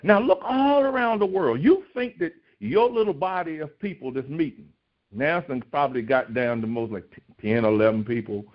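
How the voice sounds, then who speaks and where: A man preaching a recorded devotional sermon, asking rhetorical questions and pushing his voice high when he acts out pleas. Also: normal speed. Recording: dull lo-fi recording.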